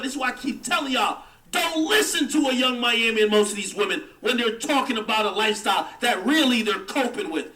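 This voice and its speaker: A man's voice: very high-pitched, expressive, fairly quick, hardly any pauses, pushed and bright, roomy sound, recorded from a distance. A man hosting a livestream, delivering a heated, mocking rant in casual commentary. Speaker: livestream host.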